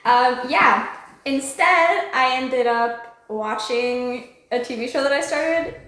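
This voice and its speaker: A woman's voice: on the high side, fairly bright tone. A young woman vlogging about books in a casual, gushing, rambling way, with lots of "like" and "honestly". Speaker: book vlogger. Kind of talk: casual chat to camera.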